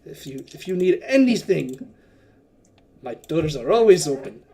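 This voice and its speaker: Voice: mid-range voice, big pitch swings, unhurried, creaky, slight background noise. A game master voicing an outspoken, effusive male merchant prince in a tabletop game. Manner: loud, grand welcoming speeches. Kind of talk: tabletop game role-play.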